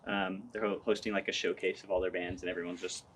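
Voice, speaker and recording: Young male band singer for a casual interview: low voice, easygoing, rambling, faint room noise. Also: little pitch movement, fast, a bit bright. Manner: laid-back, rambling, laughs often.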